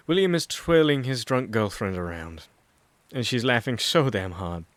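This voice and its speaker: A man narrating an audiobook, reading a chapter of fan fiction in a steady, even storytelling manner. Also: medium pitch, moderate pace, no room sound.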